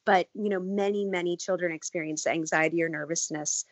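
A woman's voice: lowish voice, fairly even intonation, brisk, dry recording. A woman expert talking conversationally about children's fear of public speaking. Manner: conversational, uses fillers like "you know". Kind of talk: interview answers. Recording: dry, dull lo-fi audio.

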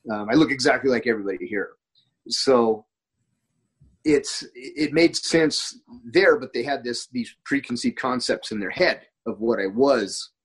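Husky American man telling stories. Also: mid-range voice, unhurried, poor audio. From United States. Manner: rambling, with frequent restarts and quoted dialogue. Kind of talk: casual conversational storytelling.

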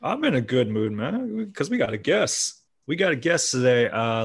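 A man's voice: medium pitch, sing-song, moderate pace, creaky, breathy edge. A man hosting a podcast in casual chat, laid-back and laughing often. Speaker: podcast host.

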